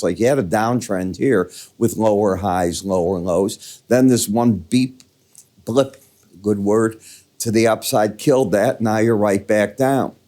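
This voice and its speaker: A man's voice: fairly low pitch, dark tone. An older man with a Midwestern American accent giving chatty, conversational market commentary, walking through charts with folksy asides.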